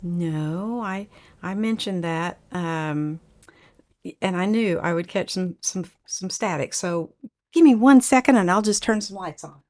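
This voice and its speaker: A woman's voice: fairly low pitch, a little slow, a little mellow. Chatty woman hosting a live stream. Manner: chatty, laughs often, reads viewer comments aloud. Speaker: livestream host reading chat. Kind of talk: casual live chat.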